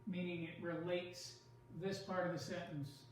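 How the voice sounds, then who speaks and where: A man teaching a writing class, lecturing deliberately in short phrases with pauses between them. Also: sits high, flat delivery. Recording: very echoey classroom with faint noise.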